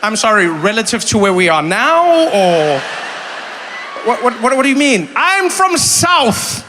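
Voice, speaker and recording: A man in his thirties with a South African accent doing stand-up crowd work, animated and breaking into loud high impressions. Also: moderate pace. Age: 30s. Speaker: stand-up comedian. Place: large theater stage. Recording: live hall with faint crowd noise.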